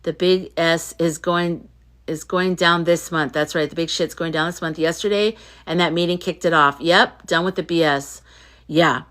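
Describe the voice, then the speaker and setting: A woman's voice: lowish voice, fairly even intonation, normal speed, fairly bright tone. A woman hosting a casual livestream, reading viewer comments aloud and reacting to them, sounding tired. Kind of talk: casual live-stream chat.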